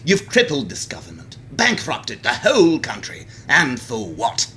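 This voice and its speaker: A man's voice: mid-range voice, wildly swooping pitch, a little slow, bright, forceful tone, slight background noise, voice pushed up, heavily acted. A man voicing a stern, exasperated head of state with a pompous manner.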